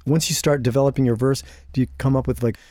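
A man's voice: mid-range voice, steady tone, fast talker, mellow, no room sound, studio quality. A man hosting an interview, asking rambling questions full of fillers and restarts. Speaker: interview host. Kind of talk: casual interview talk.

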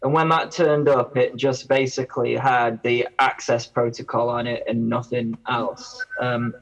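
A man's voice: medium pitch, level tone, a little slow, dull audio. A man, a guest on a casual podcast, who rambles and often breaks off mid-sentence. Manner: rambling, self-interrupting. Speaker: guest reviewer.

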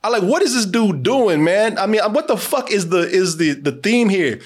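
Male podcast host, slightly high voice, animated and joking, swears freely while riffing on a film. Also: normal speed. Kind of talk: casual movie commentary.

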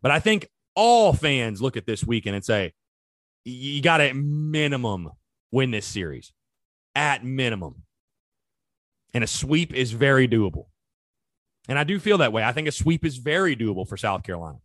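A man's voice: mid-range voice, sing-song, normal speed, pauses often, fairly bright tone, no room sound. A man hosting a sports podcast, talking casually and animatedly straight to his listeners. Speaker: podcast host. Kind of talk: solo sports podcast talk.

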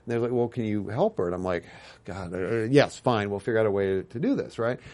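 A man's voice: fairly low pitch, brisk, a little mellow. A man guest in a casual interview, telling rambling anecdotes full of tangents and acted-out quotes. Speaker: guest, TV writer and producer.

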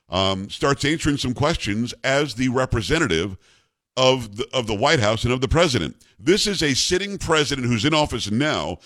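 A man's voice: mid-range voice, a bit bright, no echo. A man hosting a political talk radio show, speaking indignantly and sarcastically into a studio mic.

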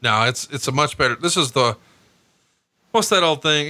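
Speaking at a moderate pace with frequent pauses, this man has an animated, sharp-toned voice. He hosts a podcast full of casual banter, ribbing his co-host crudely, recapping old matches, and leaping up in pitch on the jokes.

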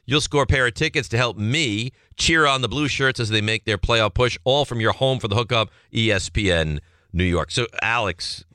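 Lively, bright-voiced sports radio host man. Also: fairly low pitch, no echo, clean studio sound. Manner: lively, jokey, animated storytelling.

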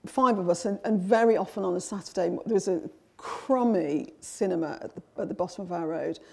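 A woman's voice: lowish voice, a little fast, vocal fry, mellow. A middle-aged woman author in an interview, telling her childhood memories in a reflective way with many restarts. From England. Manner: reflective storytelling with frequent restarts. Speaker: author, guest. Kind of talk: conversational interview.

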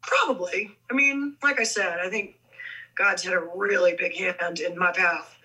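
A woman's voice: on the low side, unhurried, husky, low-quality recording. A middle-aged woman, a guest on an interview podcast, chatting casually and acting out quoted dialogue in her stories. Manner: animated, acts out quoted dialogue. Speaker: guest actress. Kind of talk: casual storytelling.

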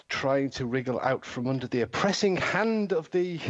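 An English man hosts a casual chat, his voice swinging up and down lively as he jokes and rambles. He keeps cutting himself off mid-thought. The audio is dull and lo-fi. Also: medium pitch, normal speed. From England. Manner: joking, rambling, self-interrupting. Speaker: podcast host.

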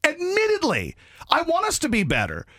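This man, who grew up in Baton Rouge, Louisiana, is filling in as a sports talk radio host, ranting about fans and swapping stories with a co-host. He talks at a moderate pace and is animated, mocking fans in high, squeaky put-on voices. The dry, studio-quality recording comes from a studio microphone.

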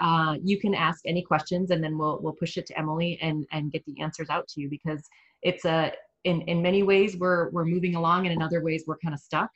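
Woman host, low voice, slightly dull lo-fi sound, chatty and keen. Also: fairly bright tone. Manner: enthusiastic, restarts often. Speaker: interview host. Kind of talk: casual interview.

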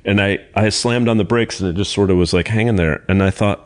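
A man's voice: fairly low pitch, quick pace. A man guest on a podcast telling rambling anecdotes, with frequent restarts, in a casual chat. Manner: rambling storyteller with many restarts.

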